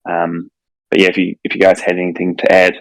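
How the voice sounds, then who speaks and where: Very deep man, tired voice, careful and full of ums, dry sound. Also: completely flat delivery, vocal fry, a bit bright, dry recording, rough recording. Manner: measured, hedging, many "um"s. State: voice starting to go. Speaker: project team member answering questions. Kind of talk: casual explanation in an online AMA.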